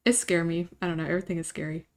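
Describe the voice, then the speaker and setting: A woman's voice: on the low side, flat delivery, rapid-fire. A woman streamer chatting casually to her live audience, rambling, emotional and often laughing, restarting her thoughts.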